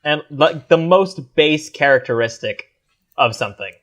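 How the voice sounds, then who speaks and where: A man's voice: a little high, lively intonation, moderate pace, a bit bright. A man co-hosting a podcast in casual chat, dry and teasing, sometimes explaining at length. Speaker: podcast co-host.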